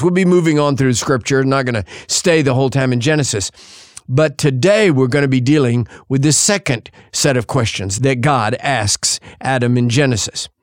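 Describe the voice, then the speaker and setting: A man preaching a sermon in an earnest voice, pausing for effect and quoting scripture in old-fashioned wording. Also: mid-range voice, dry recording, clean studio sound.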